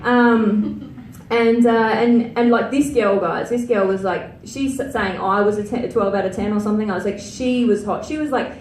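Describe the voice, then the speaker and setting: A woman's voice: medium pitch, steady tone, moderate pace, darkish tone, distant mic, slight background noise. A young Australian woman performing a stand-up set, crude and self-mocking, chatty with lots of filler words. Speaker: stand-up comedian. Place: comedy venue stage. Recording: roomy live venue sound from afar.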